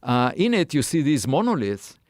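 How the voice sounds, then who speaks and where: A man's voice: mid-range voice, sing-song, normal speed, darkish tone, dry recording, clean studio sound. A man as a guest scientist in a conversational interview, speaking thoughtfully with many fillers and restarts.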